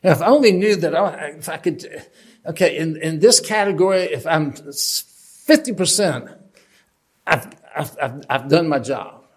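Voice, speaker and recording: A man's voice: a little high, a little slow, husky. A man giving a casual, conversational Bible lesson from a lectern, asking the audience questions and joking at his own expense. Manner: conversational, questioning, self-deprecating humor. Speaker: Bible teacher.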